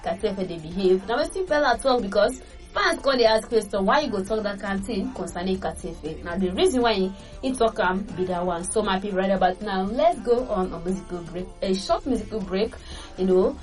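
A woman with a Nigerian Pidgin accent hosting a casual entertainment gossip show, lively and chatty, laughing between points. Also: mid-range voice, a little fast. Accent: Nigerian Pidgin English. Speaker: entertainment news host. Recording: distant mic with faint music.

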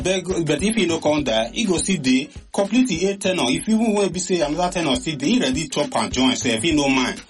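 A man talks in a Nigerian Pidgin accent at a middle pitch, hosting an informal commentary show. He is chatty and exclamatory and keeps dropping in fillers. Faint music plays underneath. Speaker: radio or online show host.

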